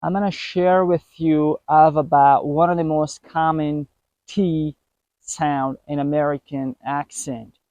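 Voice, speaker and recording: A man teaching a pronunciation lesson, saying each example word twice in a careful, deliberate way. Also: on the high side, steady tone, darkish tone, dry recording. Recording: dry, dull lo-fi voice recording.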